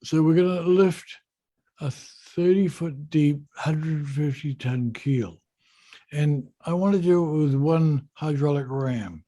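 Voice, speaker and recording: A man, a yacht designer in an interview, telling a story in a relaxed, unhurried and self-deprecating way. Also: on the high side.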